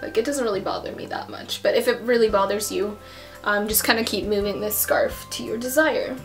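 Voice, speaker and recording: A woman's voice: mid-range voice, fairly even intonation, fairly quick, soft background music. A young woman vlogger talking casually through a tutorial at home, full of "um" and "like" fillers. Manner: chatty, many fillers like um and like.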